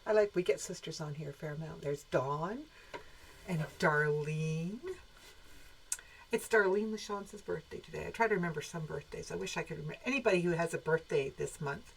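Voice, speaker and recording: A woman's voice: sits low, normal speed, creaky, husky, low-quality recording. A woman co-hosting a live show, chatting casually and greeting viewers by name. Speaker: co-host of a quilt shop live show. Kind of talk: casual live-stream chat.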